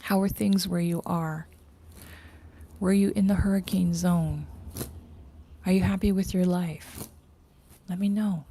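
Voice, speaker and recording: A woman's voice: on the low side, steady tone, measured pace, long pauses, dark tone, a little hiss or hum. A woman hosting a casual livestream outdoors, rambling and chatty, often dropping into whispered asides. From Canada. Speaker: livestream host. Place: outdoors in morning sun.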